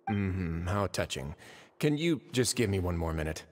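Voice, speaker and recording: A suave, wry warden. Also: male voice, sits low, big pitch swings. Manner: smooth, unhurried, wry. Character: suave, dryly amused prison warden. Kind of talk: game cutscene dialogue. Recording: long reverb hall sound.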